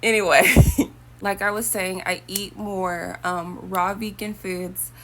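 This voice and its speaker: A woman's voice: medium pitch, little pitch movement, takes it slowly, fairly bright tone, slight background noise. A young woman talking casually to her viewers, rambling and chatty with preachy asides. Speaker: vlogger. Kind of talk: casual talk to camera.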